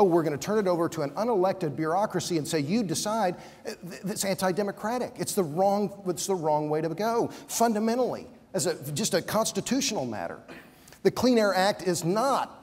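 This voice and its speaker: Man, high-ish voice, combative debate panelist, stumbles when heated; long hall reverb. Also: a little mellow. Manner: combative, emphatic, stammers when worked up. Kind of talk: conference debate argument. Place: conference hall.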